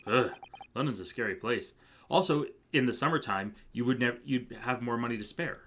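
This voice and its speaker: A man's voice: medium pitch, moderate pace, background noise. A man streaming a game, chatting casually with viewers and reading dialogue aloud in a joking way.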